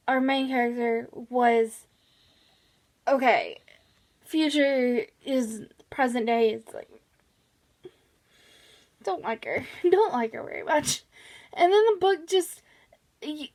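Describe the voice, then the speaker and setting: High-voiced, unhurried woman reviewing a book. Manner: chatty, many fillers and restarts. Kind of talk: casual book review vlog.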